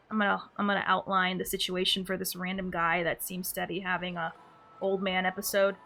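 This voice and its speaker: Chatty woman streamer with a bright voice. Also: fairly low pitch, level tone, a little fast, vocal fry, faint music behind. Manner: chatty, wry and offhand. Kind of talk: casual live-stream chat.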